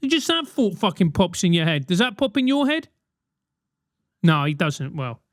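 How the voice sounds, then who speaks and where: A man's voice: high-pitched, big pitch swings, normal speed, no room sound, clean studio sound. A man in his forties hosting a solo podcast, ranting animatedly with swearing and mock voices. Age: 40s. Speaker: podcast host.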